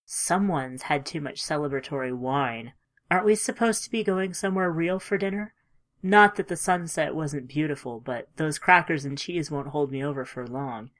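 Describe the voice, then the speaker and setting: A woman's voice: deep voice, moderate pace, lightly acted. A woman voicing a grieving young man who begs and pleads in an audiobook story. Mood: teasing. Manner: pleading, emotional.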